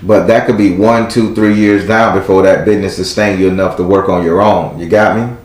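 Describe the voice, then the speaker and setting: Low-voiced tarot reader, male, blunt and preachy, echoey room. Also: fairly even intonation, a little fast, darkish tone. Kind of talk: live tarot reading.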